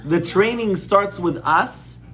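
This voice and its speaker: A man's voice: high voice, takes it slowly, fairly bright tone. A male rabbi giving an informal class on parenting, conversational, repeating his points and asking the audience questions.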